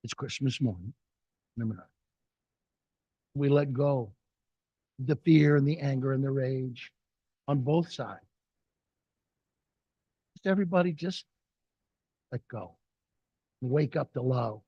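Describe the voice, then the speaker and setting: An older man giving an animated inspirational talk, mixing jokes and stories. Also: mid-range voice, slow pace, pauses often, husky, dry recording, lo-fi sound. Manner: animated storyteller, jokes and acted quotes. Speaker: speaker.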